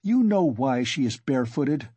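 A man's voice: medium pitch, big pitch swings, slow, no echo. A man voicing a distraught middle-aged mother who cries out in despair and snaps irritably. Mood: shrill.

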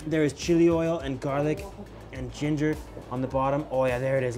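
Male travel food host, excitable and effusive, mid-pitched voice. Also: fairly quick, over music. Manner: exclamatory, gushing over food; mixes English with simple Mandarin. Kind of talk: enthusiastic food vlog with voice-over narration.

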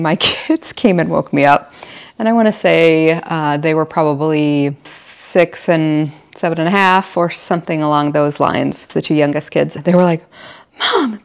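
A woman's voice: sits low, gravelly. A middle-aged woman chatting casually at home while she decorates, laughing often and telling little stories. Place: home, indoors.

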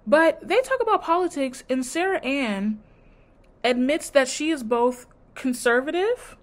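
A woman's voice: sits high, animated, a little slow. A woman vlogger giving a casual, sassy and blunt recap of a reality TV show, mimicking the cast as she goes. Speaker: TV review vlogger.

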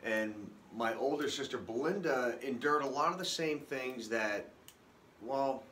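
A man telling his own life story unscripted, halting and emotional, with many restarts. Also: mid-range voice, fairly bright tone, slight background noise. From Boston area, US. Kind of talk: personal testimony, unscripted.

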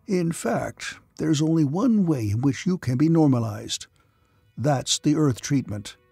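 A man's voice: fairly high pitch, animated, unhurried, creaky, dark tone, breathy edge, dry recording, soft background music, pitched above the performer's own voice, heavily acted. A man voicing a sober, thoughtful male psychotherapist from another star.

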